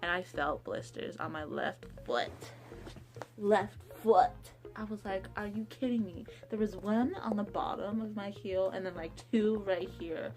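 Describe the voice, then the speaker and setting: A young woman vlogging a casual storytime, chatty, acting out quotes in a higher voice. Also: unhurried, darkish tone, faint music behind.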